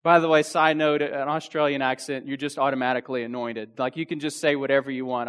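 A man's voice: mid-range voice, little pitch movement, quick pace, hardly any pauses, a bit bright, clear, resonant tone. A man preaching a youth sermon with energy, full of restarts and asides. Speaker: youth pastor.

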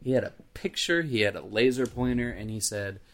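A man's voice: medium pitch, a little fast. A man with a Kentucky accent, co-hosting a casual podcast chat and telling stories with lots of fillers and swearing. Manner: animated storytelling with frequent fillers and profanity. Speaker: podcast co-host.

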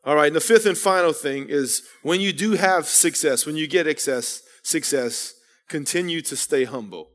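In a church sanctuary, a male pastor with a fairly high voice preaches earnestly at a moderate pace. He blends storytelling with call-outs to the congregation, and his voice rings through the hall with a long reverb tail.

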